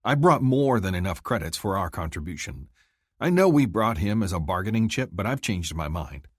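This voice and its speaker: A man narrating a first-person romance audiobook in a husky voice, shifting up to speak the heroine's lines. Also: normal speed, no room sound, studio quality. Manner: husky, lively delivery, lifting high for the heroine's lines.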